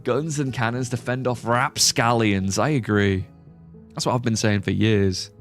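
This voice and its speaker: A young man live-streams a game, chatting casually and thinking out loud as he plays. His medium-pitched voice has fairly even intonation and a measured pace, he rambles with plenty of fillers, and faint music sits behind him.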